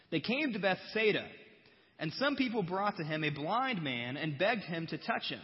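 A man preaching a Bible teaching sermon, conversational and animated, full of rhetorical questions and humor. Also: sits high. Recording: dull recording with long hall reverb.

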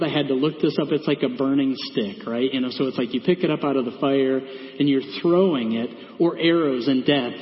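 Guy preaching a laid-back sermon, lots of ums and asides, big echoey hall, kinda dull muffled sound. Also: mid-range voice. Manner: conversational, with many fillers and asides. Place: church sanctuary.

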